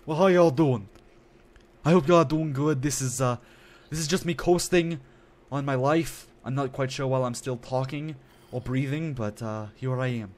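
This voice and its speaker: Man doing a drawling folksy country guy, higher voice, lazy rambling, easygoing. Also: normal speed, a little mellow, close to an everyday voice.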